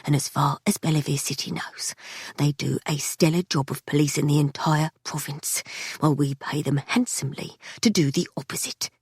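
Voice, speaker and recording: A woman voicing a tough older woman who speaks in hushed, clipped, sardonic tones in an audiobook. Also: deep voice, lively intonation, fairly quick, hardly any pauses, husky, dry recording, clean studio sound, voice pushed down, heavily acted.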